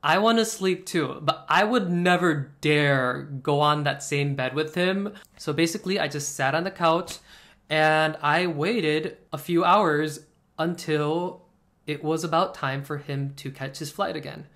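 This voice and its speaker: A young man telling a personal story to camera in a casual, expressive vlog style, full of "like" fillers. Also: fairly high pitch, measured pace. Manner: chatty and expressive, many "like" fillers, laughs while telling. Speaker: vlogger.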